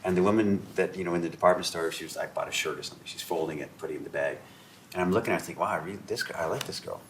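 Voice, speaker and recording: With a low voice and a racing delivery, a Canadian man, an author and host, tells stories around a table and acts out what characters say. The recording carries a roomy echo and faint background noise.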